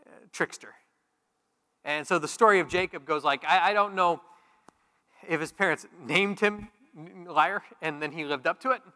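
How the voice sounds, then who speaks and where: A man preaching a sermon as pastor, conversational and joking, swinging from loud emphatic peaks to quiet intimate asides. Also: fairly high pitch. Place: large church sanctuary. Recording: long hall reverb.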